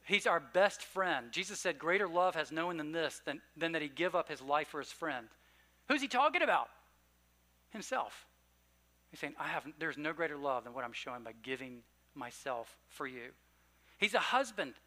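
Bright-voiced preaching man. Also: lively intonation. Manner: earnest preaching, punches key phrases then drops low and slow; conversational asides with fillers. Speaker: pastor. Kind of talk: sermon.

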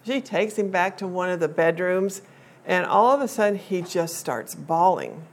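An older woman telling a personal family story to a group in a chatty, unhurried way, with frequent fillers and restarts. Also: lowish voice, animated.

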